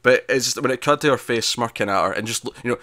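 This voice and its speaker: A man's voice: mid-range voice, fast talker, sharp tone, dry recording, studio quality. A man co-hosting a casual TV review chat, recapping scenes animatedly with frequent laughs and restarts. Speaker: podcast co-host reviewing a TV episode.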